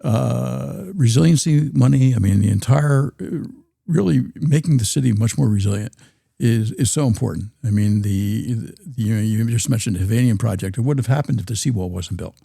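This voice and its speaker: A man with a South Jersey accent, talking as a guest in an interview, often halting and repeating words as he thinks. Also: medium pitch, creaky, mellow, slightly rough, no room sound, clean studio sound. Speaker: guest, city planner. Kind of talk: casual interview talk.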